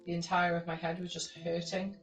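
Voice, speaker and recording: A woman's voice: lowish voice, a little fast, far from the mic, soft background music. Sweary woman telling stories, echoey room. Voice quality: sweary, laughing often. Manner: animated storytelling, acting out quoted people with a raised voice. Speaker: teacher. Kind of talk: casual chat.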